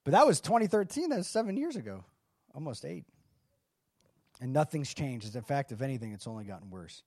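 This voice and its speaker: A man's voice: medium pitch, big pitch swings, a little fast, a little mellow, no room sound, studio quality. A man preaching a sermon in a conversational way, reading scripture and adding casual asides. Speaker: pastor.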